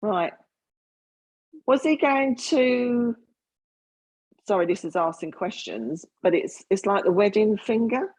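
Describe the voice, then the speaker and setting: A woman giving a spiritualist mediumship reading in a halting, earnest way full of fillers and restarts. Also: medium pitch, animated, darkish tone, husky.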